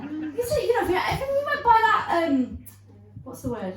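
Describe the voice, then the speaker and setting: A young woman from England tells stand-up stories in a high, very lively voice. She swears and acts out the people in her stories. The recording is echoey and distant, with loud noise behind her. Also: moderate pace. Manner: animated storytelling, swearing. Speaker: stand-up comedian. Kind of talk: stand-up routine. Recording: echoey, distant, noisy room.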